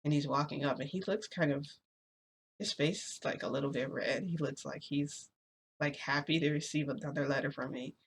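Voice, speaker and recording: A woman's voice: low-pitched, steady tone, normal speed, slight background noise. A young woman vlogger telling a casual story, rambling and full of "like" fillers.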